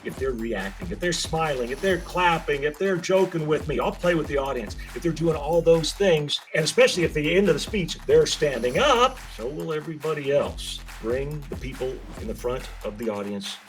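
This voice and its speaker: Lively man coaching on public speaking. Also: on the high side, normal speed, hardly any pauses, soft background music. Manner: animated, talks straight to the listener with questions. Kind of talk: webinar presentation on public speaking.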